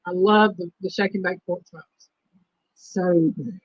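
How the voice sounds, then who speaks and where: A woman hosting a casual livestream chat, reading trivia questions slowly and repeating them. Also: fairly low pitch, fairly even intonation, dry recording. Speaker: host. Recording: dull lo-fi stream audio.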